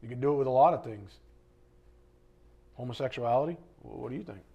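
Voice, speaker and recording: A man's voice: mid-range voice, a little fast, creaky, husky, dull audio. A man teaching the Bible in a conversational way, blunt and fond of rhetorical questions.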